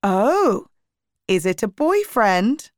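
A prim, reproachful stepmother-to-be, read by a woman. She speaks slowly, in a voice pitched above the narration. The sound is dry and close. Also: sing-song, a little mellow, no echo.

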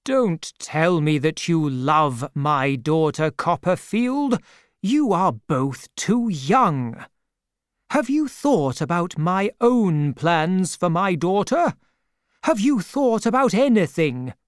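A man voicing a stern older male lawyer who scolds slowly and emphatically in a clear voice. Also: on the high side, no echo, clean studio sound. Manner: slow, emphatic, rising in anger.

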